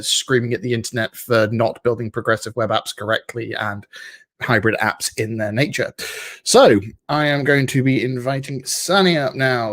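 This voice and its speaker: A man's voice: medium pitch, fairly bright tone. A man hosting an online tech meetup over a video call, playful and self-mocking. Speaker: meetup host. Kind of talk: casual event hosting.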